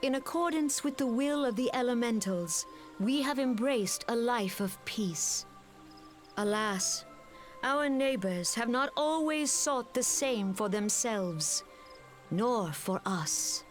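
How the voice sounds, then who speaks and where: An actress playing a solemn woman elder in a video game, recounting her nation's history in a slow, stately way. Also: a little high, expressive. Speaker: game character. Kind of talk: scripted game voice acting. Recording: game audio with music. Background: music.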